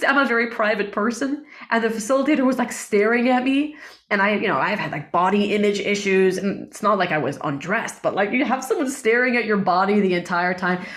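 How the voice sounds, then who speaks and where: A middle-aged woman, a breathwork facilitator, telling personal stories in an emotional, animated way with many fillers. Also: mid-range voice, brisk. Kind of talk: casual interview storytelling.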